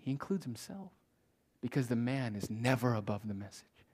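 A man preaching a fiery sermon at a middle pitch. He drives his points home by repeating them, swinging between loud, forceful declarations and hushed, whispered warnings. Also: sing-song, moderate pace, breathy edge. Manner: repeats phrases for emphasis. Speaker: pastor.

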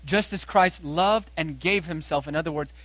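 A man preaching a sermon from the pulpit, his voice sitting a little high for a man. He hammers points home by repeating phrases and slows right down on quoted verses. The sound is dry and close, with no room echo. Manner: emphatic preaching, rising to loud stresses and slowing on quoted verses. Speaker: pastor.

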